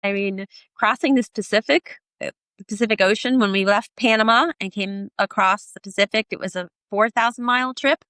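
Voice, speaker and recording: Animated woman telling a sailing story. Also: medium pitch, a little fast, no echo. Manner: animated, acts out quoted voices. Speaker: podcast guest, sailor and author. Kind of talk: storytelling in an interview.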